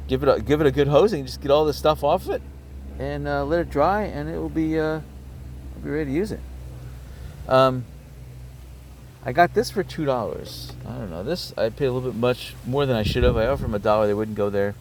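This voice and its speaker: A man casually showing his garage sale finds on camera, chatty and hesitant, breaking into excitement over bargains. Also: mid-range voice, brisk, slight background noise. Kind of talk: casual show-and-tell vlog.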